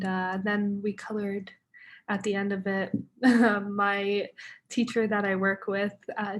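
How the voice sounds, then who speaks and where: A woman's voice: medium pitch, slight background noise. Chatty young woman teacher vlogging. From United States. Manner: chatty, many fillers, laughs often. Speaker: English teacher. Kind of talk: casual vlog narration.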